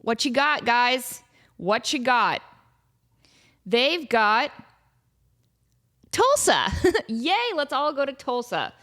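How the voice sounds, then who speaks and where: A woman's voice: sits high, sing-song, takes it slowly, long pauses, fairly bright tone. Chatty, jokey woman podcast host. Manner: chatty and jokey, lots of fillers and asides. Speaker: podcast host answering fan questions. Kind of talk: casual chat. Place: home near Las Vegas.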